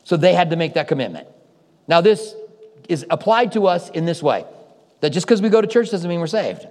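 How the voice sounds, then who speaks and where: A pastor delivers a sermon in a fairly high, slightly mellow voice, sing-song and fairly quick. He tells stories conversationally and acts out what others said, and the hall adds reverb to the recording.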